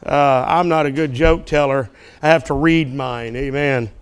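A man's voice: medium pitch, steady tone, a little slow, smooth. A male preacher at a church service who tells a joke from the pulpit and calls out to the congregation in a folksy, joking way. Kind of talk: sermon with a told joke.

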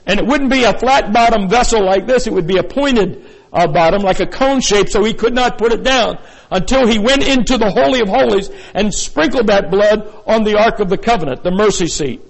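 A man's voice: sits high, big-room sound, rough recording. A man preaching a sermon as pastor, in a folksy, rambling way with many fillers and asides. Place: church sanctuary.

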